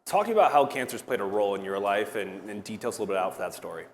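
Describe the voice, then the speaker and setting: A man's voice: on the low side, expressive, fast talker, a little hiss or hum. A podcast co-host moderating a panel on a stage before a live audience, upbeat and prompting his guests. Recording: long hall reverb, crowd murmur.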